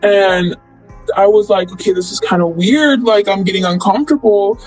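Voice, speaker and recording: Young man, high-pitched, rambling casual storytelling, faint music in the background. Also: normal speed, poor audio. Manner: rambling, full of "like" and "blah, blah".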